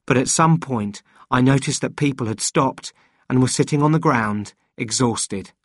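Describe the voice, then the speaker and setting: A man reading a novel aloud in measured, steady scripted narration. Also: mid-range voice, no room sound, clean studio sound. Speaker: audiobook reader.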